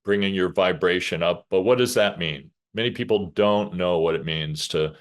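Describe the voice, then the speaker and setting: Deep-voiced male podcast co-host. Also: moderate pace. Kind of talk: casual interview chat.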